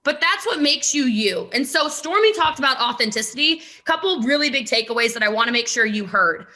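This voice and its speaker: Woman, high bright voice, animated, emphatic, video call pep talk. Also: fairly quick. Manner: animated, emphatic, laughing asides. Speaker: network marketing top recruiter.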